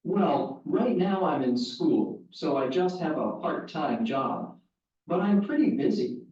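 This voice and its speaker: An actor playing a young male student who works part-time, reading a textbook dialogue in a plain, measured way. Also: on the high side, animated, a little mellow. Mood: relaxed. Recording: echoey, distant, lo-fi course audio.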